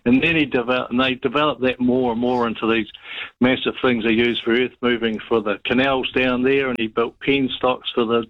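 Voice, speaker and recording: A man's voice: mid-range voice, fairly even intonation, a little fast, no echo. A man with a New Zealand accent, calling in to a radio show and telling a rambling story with many restarts. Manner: rambling, hesitant, restarts often. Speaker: caller. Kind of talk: casual phone-in storytelling. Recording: muffled phone line.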